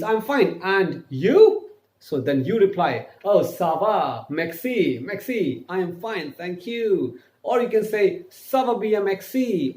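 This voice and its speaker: A man teaching a beginner French lesson. He spells words out letter by letter and repeats phrases slowly. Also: sits high, darkish tone, echoey room. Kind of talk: online language lesson.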